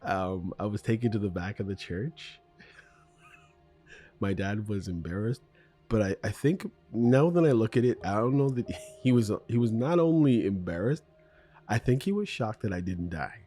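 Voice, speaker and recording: A man's voice: lowish voice, expressive, moderate pace, mellow, faint music behind. A middle-aged Canadian man hosting a solo podcast, telling personal stories in a rambling, self-correcting way with ums and laughs. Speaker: podcast host. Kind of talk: unscripted solo podcast monologue.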